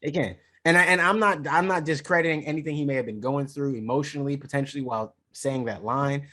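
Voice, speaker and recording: A man co-hosting a podcast in casual chat, animated and hedging. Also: on the high side, fast. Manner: animated, hedging, talks over others. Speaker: podcast co-host.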